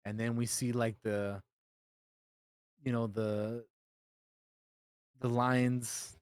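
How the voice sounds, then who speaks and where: A young man co-hosting a podcast, excitedly retelling a comic with casual swearing. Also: mid-range voice, very slow, smooth, no echo, studio quality. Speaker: podcast co-host. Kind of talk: casual chat.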